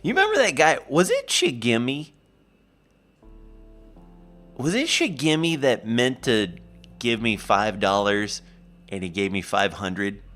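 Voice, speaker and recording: Male streamer, casual rambling chat, acts out quoted voices, unhurried. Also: mid-range voice, sing-song, fairly bright tone, soft background music.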